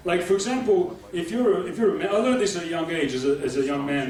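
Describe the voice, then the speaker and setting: Quick and barely pausing, a man from Australia with a fairly high voice performs stand-up at a comedy club, punchy and conversational as he keeps engaging the audience. The recording is distant and echoey, with crowd noise.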